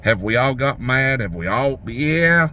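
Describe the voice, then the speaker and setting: A man's voice: mid-range voice, lively intonation, unhurried, bright, forceful tone, slight background noise. A man, rambling folksy talk about fishing as a vlogger, outdoors by a lake. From Tennessee. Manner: folksy, rambling, restarts a lot. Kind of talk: casual rambling talk to camera.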